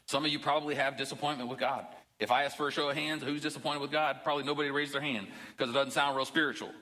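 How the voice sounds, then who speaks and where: A middle-aged man, a pastor, preaching a sermon in a church in a relaxed, conversational way, with jokes and asides. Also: mid-range voice, very fast, hardly any pauses, long reverb tail, poor audio. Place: church sanctuary.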